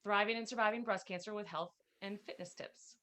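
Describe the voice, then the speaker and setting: A woman guesting on a podcast, telling her story in a lively, upbeat way. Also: medium pitch, a little fast, a little hiss or hum. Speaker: podcast guest, health coach. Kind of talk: casual interview chat.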